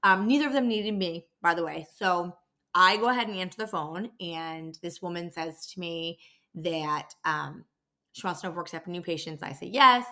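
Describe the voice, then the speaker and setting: A woman's voice: lowish voice, moderate pace, bright, forceful tone. A woman hosting a podcast, telling a work story in a blunt, exasperated way and swearing freely. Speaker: podcast host and dental office receptionist. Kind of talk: casual storytelling rant.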